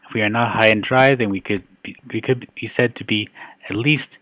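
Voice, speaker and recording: A man's voice: on the low side, steady tone, normal speed, a bit bright, no room sound. A man giving casual, rambling gameplay commentary as a video host, joking and breaking off his sentences as he plays. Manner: rambling, joking, self-interrupting.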